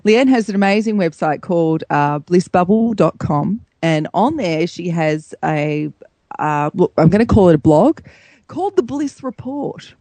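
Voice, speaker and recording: A woman's voice: lowish voice, animated, measured pace, dark tone, dry recording. A woman hosting a radio chat show, encouraging her guest in a slightly rambling way. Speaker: radio host.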